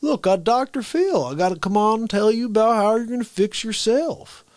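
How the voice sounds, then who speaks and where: A man's voice: high voice, expressive, moderate pace, darkish tone, no echo. A man impersonating a folksy, boastful TV advice doctor who talks over the top in a salesy drawl.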